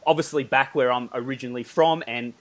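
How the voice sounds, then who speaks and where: A man's voice: medium pitch, fairly even intonation, fairly quick. A man with an Australian accent hosting a podcast, chatty and rambling, laughing often. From Melbourne, Australia. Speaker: podcast host. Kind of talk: casual interview chat.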